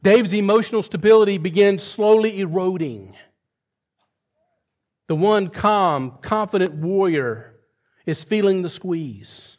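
A man's voice: high-pitched, darkish tone. Earnest man preaching a sermon. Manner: earnest, retells scripture dialogue with rising intensity; frequent fillers and restarts.

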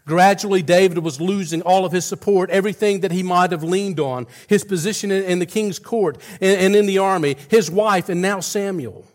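A man's voice: high voice, normal speed, few pauses, darkish tone. A man preaching a sermon, earnest, retelling scripture scenes with rising intensity and frequent restarts.

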